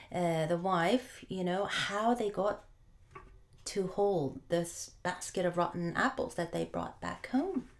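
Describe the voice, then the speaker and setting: A woman preacher telling a folk tale in a sermon, unhurried and often pausing with fillers. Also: lowish voice. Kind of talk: sermon storytelling.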